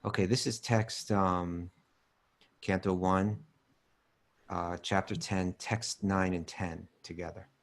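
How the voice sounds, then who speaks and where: A man co-hosting a spiritual talk show, chatting casually and calmly explaining a scripture reading. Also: sits low, slow pace. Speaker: podcast co-host.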